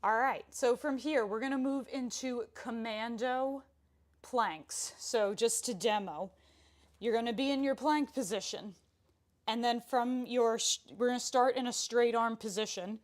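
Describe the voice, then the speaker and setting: A woman's voice: a little high, measured pace. A young woman teaching a live pilates class, chatty and playful, counting reps aloud with frequent laughs and a slight breathlessness as she holds planks. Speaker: pilates instructor. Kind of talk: live workout instruction.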